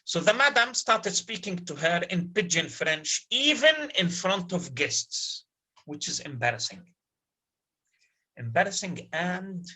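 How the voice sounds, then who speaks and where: Guy teaching a lit class, slow and kinda husky, keeps asking if u follow. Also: high-pitched, animated, bright, forceful tone, low-quality recording. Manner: repeats key words, checks understanding with the class. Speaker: lecturer. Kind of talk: university literature lecture.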